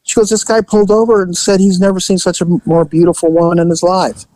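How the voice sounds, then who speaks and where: A man hosting a podcast, telling a police story in a relaxed, conversational way and acting out the people in it. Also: sits high, fast talker, no echo, poor audio. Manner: animated storyteller who acts out the people in his story. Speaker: podcast host and former police officer. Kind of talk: casual storytelling.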